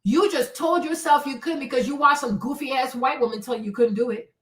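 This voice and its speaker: A woman's voice: sits high, brisk. A woman in her forties hosting a live stream, ranting bluntly and preachily in casual talk and often asking "right?". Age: 40s. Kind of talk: casual livestream rant. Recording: echoey room, voice a bit far from the mic.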